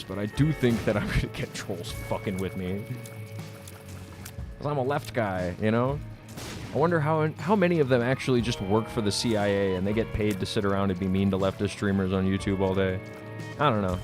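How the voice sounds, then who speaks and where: A man's voice: lowish voice, a little fast, over music. A man livestreaming, reading out his chat and answering it in a combative, sarcastic way, swearing freely and laughing at his own jokes. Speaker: streamer.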